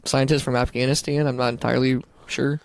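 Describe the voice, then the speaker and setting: Male podcast co-host, gravelly, enthusiastic and loose-mouthed. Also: mid-range voice, flat delivery, brisk, no echo. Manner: enthusiastic, swears casually. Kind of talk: casual chat.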